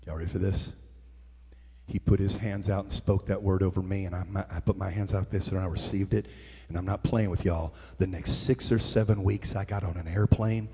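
A man preaching a sermon as storytelling, swinging from hushed tones to shouting. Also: deep voice, fairly even intonation, brisk, breathy edge, in a large hall.

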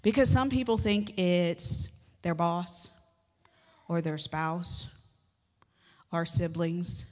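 Woman preaching in a reverberant church. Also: fairly low pitch. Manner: conversational and joking, with sudden emphatic rises. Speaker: pastor. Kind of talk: sermon. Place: church sanctuary. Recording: long hall reverb.

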